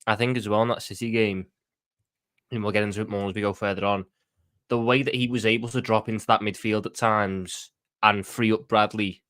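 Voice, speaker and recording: A man with a Scouse accent, a guest pundit in a casual football debate, earnest and quick with stumbling restarts. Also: fairly low pitch, fairly even intonation, a bit bright, no room sound, clean studio sound.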